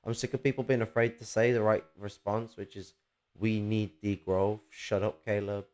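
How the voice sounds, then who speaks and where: A man's voice: on the low side, fairly even intonation, fairly quick, a little mellow. Ranting, profane young man. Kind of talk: casual political chat.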